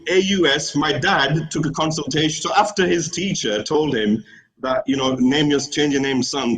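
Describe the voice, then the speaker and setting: A man's voice: mid-range voice, fairly bright tone, rough recording. A middle-aged man from the United Kingdom, a studio guest telling a rambling story and laughing easily. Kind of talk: casual studio chat.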